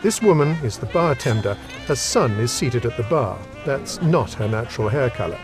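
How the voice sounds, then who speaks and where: A man doing a deadpan game narrator. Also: medium pitch, natural voice. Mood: flat. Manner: deadpan, slow, matter-of-fact. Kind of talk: scripted narration. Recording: game narration over music.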